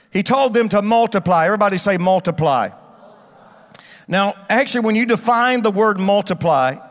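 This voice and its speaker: Male pastor, high voice, emphatic sermon, call-and-response, long hall reverb. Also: a bit bright.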